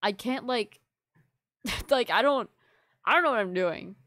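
A woman's voice: on the high side, lively intonation, a little slow, fairly bright tone, no echo, clean studio sound. A young woman live-streaming to her viewers in casual chat, rambling and apologetic, full of fillers. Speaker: livestreamer.

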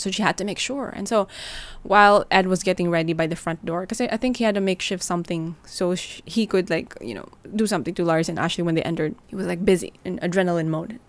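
A woman with a Filipino accent hosting a true crime podcast, telling the story in a chatty, animated way. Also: lowish voice, quick pace. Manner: chatty, code-switching, animated. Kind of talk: casual storytelling narration.

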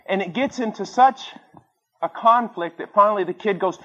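Husky preacher man, lo-fi sermon tape. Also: high-pitched, moderate pace, pauses often, fairly bright tone. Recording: dull lo-fi sermon recording.

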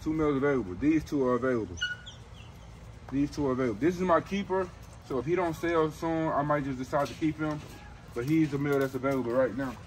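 A man's voice: a little high, fast, slight background noise, rough recording. A young man filming with his phone outdoors, selling puppies in a hyped, slangy way and repeating himself a lot. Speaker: dog breeder. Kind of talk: casual sales video.

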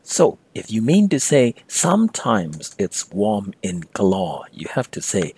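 A man teaching a language lesson as an instructor, repeating example phrases slowly and carefully. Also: lowish voice, very animated, a little mellow, slightly rough.

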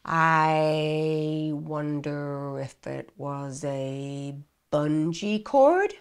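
A woman's voice: sits low, extremely slow, clear, resonant tone, pitched below the performer's own voice, full character voice. A woman putting on a hesitant teenage boy with an American accent. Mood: unsure. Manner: mumbling, hesitant, guessing. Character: nervous teenage boy under police questioning.

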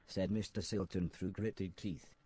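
A male text-to-speech voice narrating a video game as a calm robot, reading in a flat, monotone, robotic way. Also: low voice, a little slow. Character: robot narrator telling his story, calm.

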